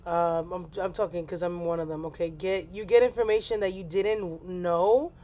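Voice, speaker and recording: A woman's voice: on the low side, fairly even intonation, normal speed, dark tone. A woman hosting a casual astrology livestream, rambling and playful, with apologetic asides.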